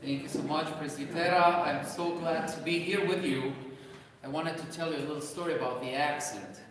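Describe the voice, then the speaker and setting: A man's voice: fairly high pitch, moderate pace, background noise. A man in his forties with a Romanian accent, a priest giving a parish lecture in a conversational way with some restarts. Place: large echoey church hall. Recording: echoey hall from far off.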